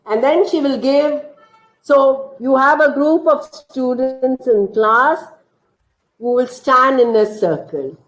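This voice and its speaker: A woman teacher trainer, explaining classroom activities in a slow, deliberate way during an online training session. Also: high voice. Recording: roomy, dull lo-fi online session audio.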